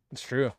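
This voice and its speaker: A man co-hosting a live stream, telling joking stories in casual banter, swearing freely and laughing often. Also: a little mellow. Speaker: podcast co-host.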